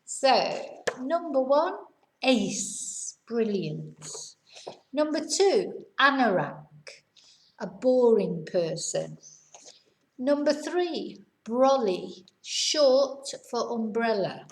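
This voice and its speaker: A woman's voice: on the high side, big pitch swings, very slow. A woman, patiently teaching a vocabulary lesson and explaining each word with examples. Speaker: English teacher. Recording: roomy echo.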